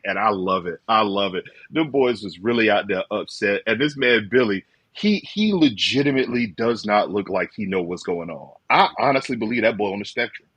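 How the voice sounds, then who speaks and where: A man with a slightly husky voice talks college football with a co-host, animated and full of mock quotes. The sound is dry and close, with no room around it. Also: lowish voice, moderate pace, few pauses, no echo. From rural southern United States. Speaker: co-host of a fan call-in show. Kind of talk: casual sports talk.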